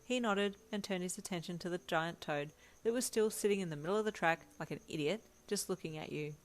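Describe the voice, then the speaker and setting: Woman, lowish voice, story narration, second person, steady read-aloud. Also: fairly quick. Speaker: fanfiction reader.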